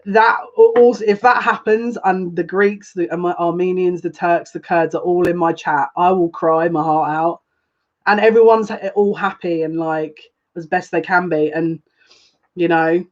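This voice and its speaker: A woman giving a live-streamed tarot reading, chatting with viewers, emotional and gushing, with excitable quick restarts. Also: lowish voice, muffled recording. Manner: emotional and gushing, easily moved. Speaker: psychic tarot reader.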